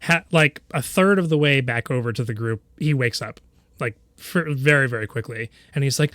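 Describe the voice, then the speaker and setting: A man's voice: mid-range voice, normal speed, fairly bright tone, no echo, clean studio sound. A man narrating a tabletop game as game master, rambling with many fillers and laughing often.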